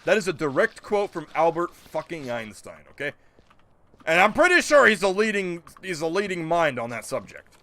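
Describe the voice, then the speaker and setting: A man's voice: a little high, sing-song, moderate pace, sharp tone. A man streaming a game, chatting casually and ranting in disbelief as he answers his chat. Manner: incredulous, joking rants, answers chat. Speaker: gaming streamer.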